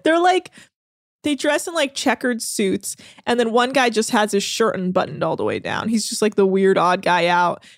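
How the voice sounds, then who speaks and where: A woman co-hosting a podcast, recapping a reality show in an animated, sarcastic way, laughing and swearing often. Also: mid-range voice, normal speed, creaky, no echo, clean studio sound. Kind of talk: casual chat.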